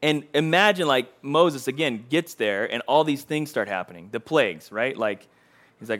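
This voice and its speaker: A man's voice: medium pitch, lively intonation, moderate pace, a bit bright. A man preaching a sermon in a conversational way, acting out quotes with rising intensity.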